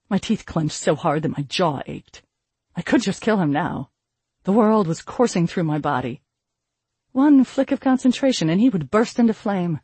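A man reading a first-person fantasy novel aloud in a steady storytelling voice. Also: sits high, normal speed, husky, dry recording. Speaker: audiobook narrator.

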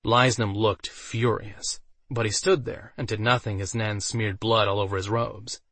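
Male narrator, even and steady fantasy reading, close dry recording. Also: lowish voice, measured pace, dry recording. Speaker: audiobook narrator. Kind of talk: scripted narration.

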